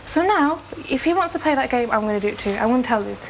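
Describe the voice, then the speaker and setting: A British woman speaks in casual, heated bursts and keeps repeating her point. Her voice sits slightly high. A faint hiss of room noise runs behind her. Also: expressive, quick pace. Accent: British English. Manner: indignant, repeats herself. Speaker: reality show contestant.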